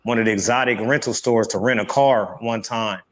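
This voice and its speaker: A man in a recorded interview, telling a story in an animated, blunt and profane way. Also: on the low side, brisk. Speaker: interview guest.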